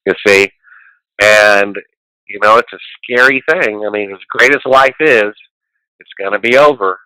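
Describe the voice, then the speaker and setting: A man rambles on as a guest, emphatic and preachy, his voice bright and forward. He sits a touch low in pitch, and the sound is close and dry. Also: unhurried, smooth, no room sound, rough recording. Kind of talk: casual conversation.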